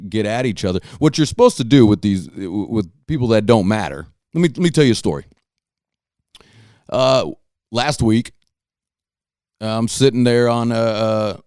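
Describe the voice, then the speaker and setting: A man's voice: fairly low pitch, a little mellow, clear, resonant tone, no room sound, clean studio sound. A middle-aged man rambling through a story and talking to his followers, cursing and restarting his sentences. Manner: rambling, restarts, profane, laughs at himself. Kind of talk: casual storytelling monologue.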